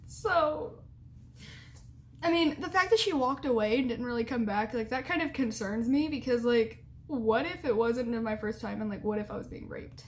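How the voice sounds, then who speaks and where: High-voiced woman, frank and giggly. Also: brisk, hardly any pauses, slight background noise. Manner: frank and blunt, giggly, with lots of "like". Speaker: vlogger. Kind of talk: candid storytelling and advice.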